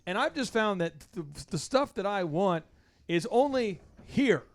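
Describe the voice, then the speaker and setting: A male podcast host chatting casually in a home basement room with concrete floors, talking with energy and rattling off long rapid lists. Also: sits high, expressive. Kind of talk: casual interview chat.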